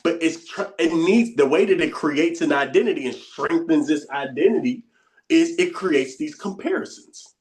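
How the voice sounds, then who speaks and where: Here the bootcamp coach speaks at an ordinary pace with a fairly high pitch. The lesson feels casual, with frequent repetition and murmured impressions of inner voices.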